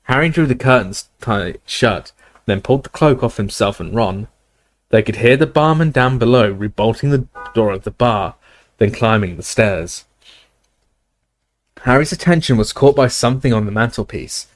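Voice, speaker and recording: A man reading a novel aloud in steady, measured storytelling narration. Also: medium pitch. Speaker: audiobook reader. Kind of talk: scripted narration.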